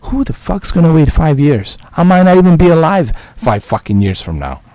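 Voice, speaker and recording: A man's voice: a little high, big pitch swings, normal speed, warm tone, no room sound. A man ranting heatedly as a gaming vlogger, swearing often and repeating his points in exasperation. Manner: profane, repetitive, exasperated. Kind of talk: heated rant to camera.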